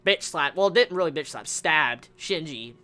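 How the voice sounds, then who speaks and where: A young man excitedly reviewing an anime episode in casual talk, swearing often and stumbling over repeated words. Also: a little high, moderate pace, over music.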